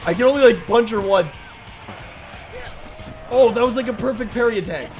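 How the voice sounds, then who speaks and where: A young man streaming a game, joking and reacting excitedly to the action. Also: very high voice, moderate pace, soft background music. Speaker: gaming streamer. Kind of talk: let's play commentary.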